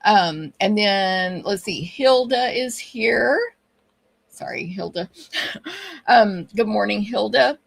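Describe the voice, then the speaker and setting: A woman's voice: mid-range voice, expressive, takes it slowly, gravelly, husky. A middle-aged woman with a Texan accent hosts a casual live stream, chatting and greeting viewers one by one by name. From Texas. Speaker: livestream host and papercraft teacher.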